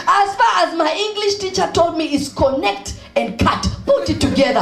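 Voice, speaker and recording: A woman telling comic stories on stage, acting out the people in them and laughing and shouting as she goes. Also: very high-pitched, animated, moderate pace, hardly any pauses, faint music behind. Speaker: stand-up comedian and spoken-word poet. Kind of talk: stand-up storytelling with poetry. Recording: echoey room.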